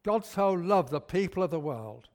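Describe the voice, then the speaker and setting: A man preaching a sermon, slow and emphatic, repeating key words for weight. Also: high-pitched, lively intonation, a little mellow. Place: church. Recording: long church reverb.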